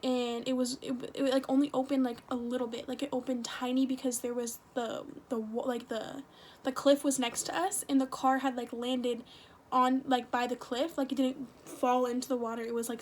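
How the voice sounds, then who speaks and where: A woman's voice: high voice, little pitch movement, moderate pace, slight background noise. A teenage woman telling a personal story in a rambling, casual way, full of fillers and swearing. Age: teens. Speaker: vlogger.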